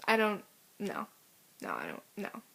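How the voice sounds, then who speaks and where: A woman's voice: medium pitch, huge pitch swings, measured pace, vocal fry, fairly bright tone, breathy edge. A teenage girl ranting to camera, telling a story in an exasperated, indignant way. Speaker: vlogger.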